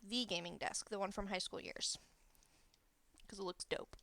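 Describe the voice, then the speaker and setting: This woman streamer's mid-range voice is creaky and a bit bright, moving at a moderate pace. Sitting close to the mic, she narrates her game build casually, thinking aloud and fixing her own slips.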